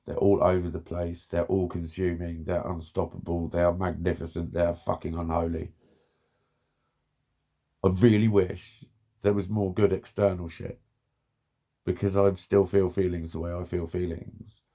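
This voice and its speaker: A man's voice: low voice, level tone, moderate pace, warm tone. A man talking bluntly and frustrated in a candid vlog monologue, swearing often and repeating himself. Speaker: vlogger.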